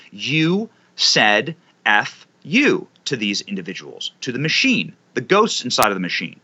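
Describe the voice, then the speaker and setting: A man speaking as a guest commentator in impassioned, emphatic political commentary, building his points with dramatic pauses. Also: on the high side, pushed and bright, highs cut off.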